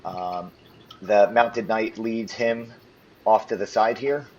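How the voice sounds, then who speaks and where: A man's voice: on the low side, fairly even intonation, slow pace, a little mellow, muffled recording, slight background noise. A man narrating as game master in a tabletop game, hesitant and full of ums and restarts.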